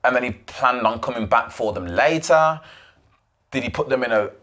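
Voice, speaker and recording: A man's voice: mid-range voice, expressive, normal speed, a bit bright. Young male podcast host, mid-range voice, emphatic rambling monologue. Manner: rambling, emphatic retelling with restarts and asides.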